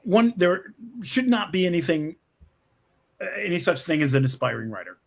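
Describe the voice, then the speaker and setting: Middle-aged male writer, lively interview guest, slightly gravelly, talks from his office on a call, stumbles and restarts. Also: high-pitched, moderate pace. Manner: animated storyteller, frequent restarts, laughs often. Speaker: screenwriter, guest. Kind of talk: conversational interview. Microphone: video call.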